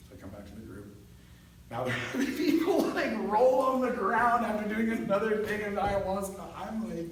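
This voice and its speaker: A man telling a long story in a casual chat, animated and laughing often, acting out what others said. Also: medium pitch. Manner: animated, laughs often, acts out quoted voices. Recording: echoey room from far off.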